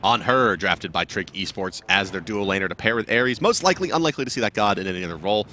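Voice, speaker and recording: A man's voice: lowish voice, animated, fast, sharp tone, slight background noise. A man doing play-by-play commentary on an esports draft, announcing picks and bans.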